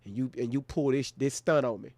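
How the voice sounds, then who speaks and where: A man's voice: mid-range voice, fairly quick, darkish tone, dry recording. A man hosting a reaction livestream, talking bluntly and with profanity straight to his viewers in casual chat.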